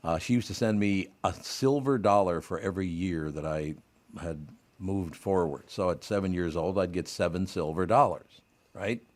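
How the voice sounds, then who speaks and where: A man's voice: low-pitched, normal speed. An older man hosting a radio show, telling stories in a dry way with sudden laughs. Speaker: radio host. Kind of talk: casual talk radio banter.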